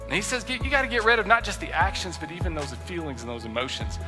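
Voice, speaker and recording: Lively high-voiced male preacher in an echoey hall. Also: quick pace, few pauses, over music. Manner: animated, acts out the voices of quoted people. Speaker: pastor. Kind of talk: sermon.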